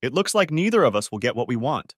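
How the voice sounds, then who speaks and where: A man's voice: medium pitch, sing-song, fast talker, no echo. A man plays a betrayed husband in a storybook reading, cold and cutting with a sarcastic edge. His voice rises a little above the narration and lifts and falls with feeling, in a dry, close recording. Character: cold, bitter husband confronting his wife.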